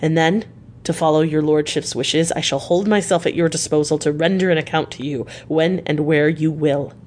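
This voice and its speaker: A solemn elderly male professor, voiced by a woman reader in an audiobook. He speaks in a low, formal, measured way, stern yet full of pity. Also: a little mellow. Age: older. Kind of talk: audiobook character reading.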